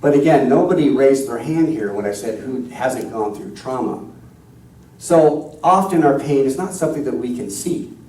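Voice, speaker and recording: A man's voice: medium pitch, mellow. A male minister preaching in a conversational, self-deprecating way, telling stories to his congregation. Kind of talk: sermon with storytelling. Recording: echoey hall from far off.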